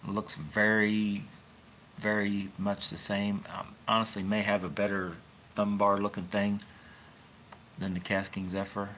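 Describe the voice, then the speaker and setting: Low-ish and monotone, this man's voice moves a little slowly, with a fairly bright tone and slight background noise. He hosts a fishing channel and rambles into his phone on a casual livestream, folksy and full of wry asides.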